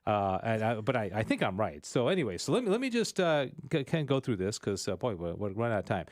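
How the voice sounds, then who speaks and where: A man hosts a talk radio show from a studio, walking through his subject in a casual, rambling way. His voice swings widely in pitch and sounds animated. The studio sound is dry and close. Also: fast, no room sound. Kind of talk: casual teaching chat.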